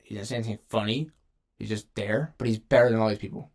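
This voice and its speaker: A young gaming video creator with a lowish, darkish voice speaks fast and with fairly even intonation. He casually ranks game characters, rambling in slang and regularly cutting himself off.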